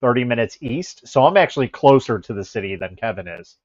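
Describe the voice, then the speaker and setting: A man's voice: medium pitch, animated, fairly quick, husky, dry recording, highs cut off. A man from the Chicago area hosting a casual livestream, talking in a rambling way with frequent restarts and laughs. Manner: rambling, self-interrupting, laughs often. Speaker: livestream host. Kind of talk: casual chat with chat readers.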